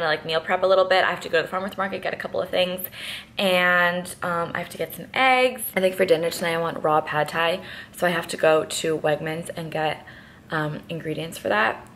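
A woman's voice: fairly low pitch, bright, forceful tone, slight background noise. A woman fitness vlogger chatting casually at home in an upbeat, filler-heavy way. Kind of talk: casual vlog chat.

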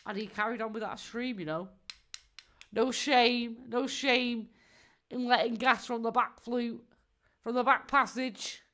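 A woman live streams in a casual chat, mocking her subject, laughing often and swearing freely. Her slightly high voice is bright and forceful, with fairly even intonation and an unhurried pace.

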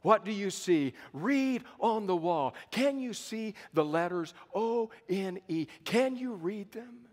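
A man's voice: sits high, animated, slow, few pauses, voice pushed up, exaggerated voice. A man voicing Jesus as an earnest adult teacher who asks his followers searching, emphatic questions, with a long hall echo.

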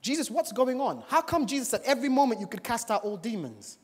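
A male preacher giving a church sermon, animated and full of rhetorical questions to the congregation. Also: very high-pitched, fast. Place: church service. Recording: long reverb of a large church hall.

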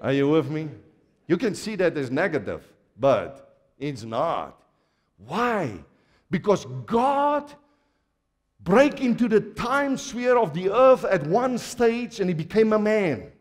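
African guy preaching, bouncy voice all over the place, bit high, big echoey church hall. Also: slow pace. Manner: animated preaching that swings from quiet to shouting, laughs often. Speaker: pastor. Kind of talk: sermon.

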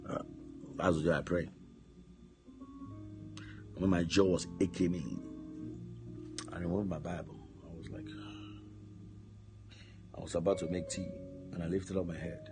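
Deep-voiced man preaching a sermon. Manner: storytelling preacher who shouts commands and repeats words.

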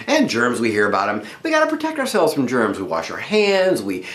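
A middle-aged man reads a picture book aloud to children. His voice swoops widely up and down, and his delivery stays friendly and expressive. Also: medium pitch, fairly quick, echoey room. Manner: animated and friendly.

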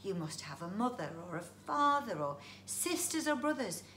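A woman's voice: medium pitch, very animated, moderate pace, sharp tone, slight background noise, pitched above the performer's own voice. A woman voicing an earnest, sympathetic young girl. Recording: roomy echo.

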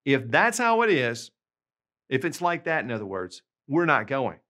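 A man teaching a language lesson, patiently explaining examples and slowing down to say the phrases clearly. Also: mid-range voice, sing-song, pushed and bright. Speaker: language tutor.

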